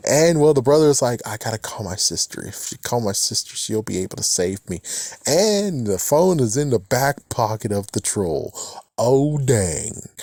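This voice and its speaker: A man's voice: medium pitch, darkish tone, dry recording, studio quality. A man giving a casual, rambling recap of a TV episode, swearing casually and chuckling often. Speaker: TV episode reviewer.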